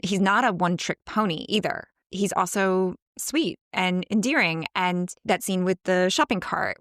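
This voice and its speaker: A woman co-hosts a casual podcast in a gravelly, slightly low voice. She breaks down a film with eager, analytical enthusiasm and frequent laughter. Her voice is close and dry, with no room sound. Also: no room sound. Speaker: podcast co-host. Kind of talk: casual movie discussion.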